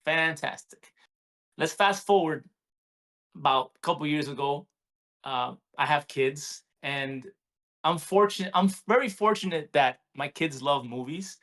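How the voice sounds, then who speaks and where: A man in his forties, co-hosting a podcast, telling a story in a casual, animated way with many restarts. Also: on the high side, unhurried. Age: 40s. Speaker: podcast co-host. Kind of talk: casual chat.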